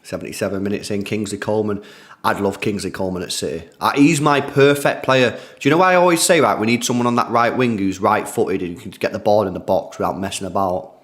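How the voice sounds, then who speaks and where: A man's voice: on the low side, fast. A young man, streaming a football watchalong, chatting casually and greeting donors by name in slangy speech. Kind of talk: casual live-stream chat reading donations.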